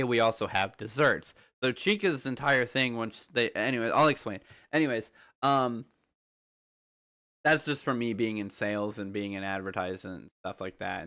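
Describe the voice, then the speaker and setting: A man's voice: mid-range voice, a bit bright, smooth. A young man explaining game theories in a casual, rambling way, often checking in with the listener. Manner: rambling, conversational, often asks "right?". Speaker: YouTuber.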